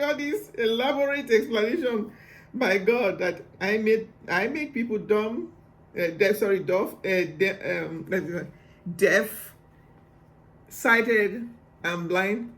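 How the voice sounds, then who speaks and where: Excitable high-voiced male preacher. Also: takes it slowly. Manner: laughs often, excitable and animated. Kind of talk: devotional Bible reading with commentary.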